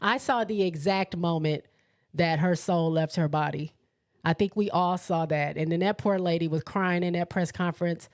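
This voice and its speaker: A woman's voice: fairly low pitch, moderate pace. A woman hosting a casual live sports chat, reading out viewer comments and laughing often as she talks. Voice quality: laughs often, excitable and chatty. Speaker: host of a live sports show.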